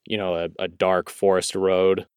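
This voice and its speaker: Low, smooth-voiced man reviewing movies. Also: monotone, measured pace, dry recording, studio quality. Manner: rambling, laughs often, lots of restarts and "like". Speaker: podcast co-host. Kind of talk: casual movie review chat.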